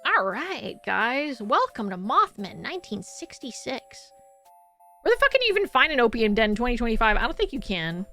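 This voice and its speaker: A woman streamer chatting casually with her viewers, laughing and swearing freely, then reading second-person game narration in a slower, softer voice. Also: on the high side, big pitch swings, soft background music, poor audio. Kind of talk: casual live-stream chat and reading game text aloud.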